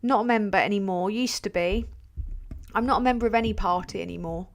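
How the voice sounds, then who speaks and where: A woman hosting a casual livestream and answering viewer questions, excitable and sweary, laughing often. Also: medium pitch, fairly quick. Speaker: livestream host.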